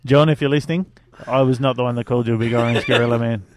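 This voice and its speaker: A man's voice: medium pitch, fairly even intonation, very fast, background noise. A man hosting a breakfast radio show, chatting and joking easily with his co-hosts in the studio. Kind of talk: casual banter on breakfast radio. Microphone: studio microphone.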